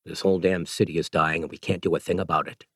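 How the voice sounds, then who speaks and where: A man's voice: low voice, little pitch movement, quick pace, fairly bright tone, no room sound, studio quality, pitched below the performer's own voice. A man voicing a tired, grim hospital doctor in an audiobook.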